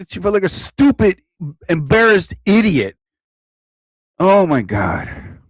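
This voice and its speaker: Male live-stream host, rambling profane rant, fairly high and lively pitch, dry mic. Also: takes it slowly, breathy edge, dry recording. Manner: animated, profane, repeats himself. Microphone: own desk mic.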